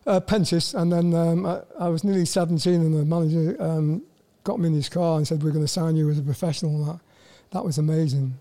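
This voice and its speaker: An older Welsh man speaks in a high, mellow voice. He tells his stories in a halting way, restarting words and leaning on "you know" as he goes. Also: fairly even intonation. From Wales. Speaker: guest, former footballer. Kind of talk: casual interview storytelling.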